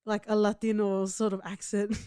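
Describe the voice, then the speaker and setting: Smooth, playful woman podcaster. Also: mid-range voice, level tone, moderate pace, mellow, dry recording, studio quality. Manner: playful, teasing banter. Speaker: podcast co-host. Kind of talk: casual chat.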